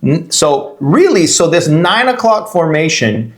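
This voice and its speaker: Co-hosting a podcast, this middle-aged man, a real estate agent, tells long meandering stories in a casual chat, breaking off and starting over while laughing as he goes. His voice is fairly high and sing-song, moving a little slowly.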